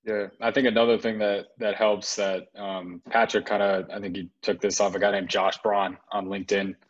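A low, husky man speaks evenly with little rise and fall, sharing sales advice in a relaxed panel chat. The sound is dull and lo-fi. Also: normal speed. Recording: dull lo-fi audio.

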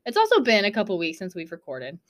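A young woman co-hosting a podcast in casual chat, dramatic and quick to swear while reading trivia aloud. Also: mid-range voice, huge pitch swings. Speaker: podcast co-host.

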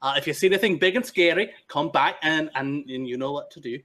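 A man's voice: a little high, quick pace, sharp tone, pitched above the performer's own voice. A man voicing an eager, chatty male woodland hermit who talks in a raised, stammering voice.

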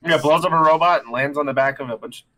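A man's voice: fairly high pitch, fast talker. A man co-hosting a casual comic book chat, recapping the issue and acting out the characters' lines. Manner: animated, acts out characters' lines while recapping. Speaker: comic book podcast co-host.

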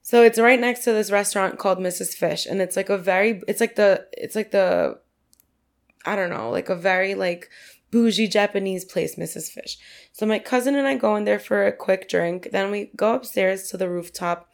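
A woman with a New York accent tells a story in a loose, rambling way, swearing freely and leaning on "like." Her voice has a gravelly fry to it, and she sits at a middling pitch. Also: normal speed. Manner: chatty, lots of "like" and swearing. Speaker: podcast guest. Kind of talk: casual storytelling chat.

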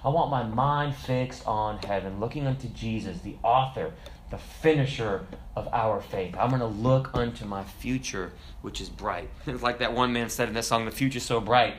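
A man preaching a sermon in a conversational, humorous way, acting out little quotes and slowing down to quote scripture. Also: mid-range voice, slight background noise. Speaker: pastor.

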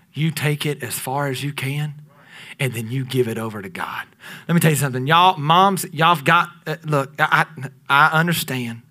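A pastor in his thirties preaches with a high, forceful voice. He rises to loud emphatic bursts, then drops to hushed, drawn-out lines. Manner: dynamic preaching, swings between loud peaks and near-whispers. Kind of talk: sermon.

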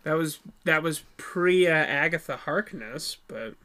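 A bright, crisp voice that talks bluntly and swears freely in a loose chat about a horror film. It often repeats its first words before finishing a thought. The pitch sits at a middle level. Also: expressive, a little slow. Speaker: film podcast co-host. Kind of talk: casual movie review chat.

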